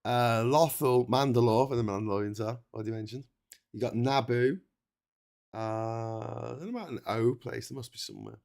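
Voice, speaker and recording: A man hosting a long solo livestream, reading out viewer messages in an excitable, chatty way, laughing often and restarting his sentences, and tired from the long stream. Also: medium pitch, moderate pace, creaky. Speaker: livestream host.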